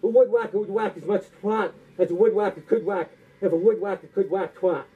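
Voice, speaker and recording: A man's voice: high-pitched, steady tone, breathy edge. Breathless stand-up man on a tinny line. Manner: rapid tongue-twister patter with silly punchlines. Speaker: stand-up comedian. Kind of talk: stand-up comedy tongue twisters. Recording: tinny phone-like sound.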